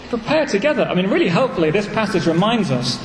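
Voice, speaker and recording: Animated English preacher in an echoey church. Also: male voice, sits high, quick pace, slight background noise. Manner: earnest, animated preaching with repeated phrases. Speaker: pastor. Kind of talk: sermon. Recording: echoey church hall, faint ambience.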